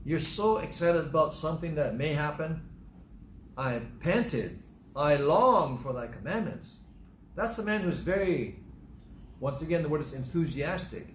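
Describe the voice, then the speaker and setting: A man preaching a Bible teaching sermon, animated and quizzing his congregation. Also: on the high side, normal speed, slight background noise. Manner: animated, asks the congregation questions. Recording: echoey room, faint ambience.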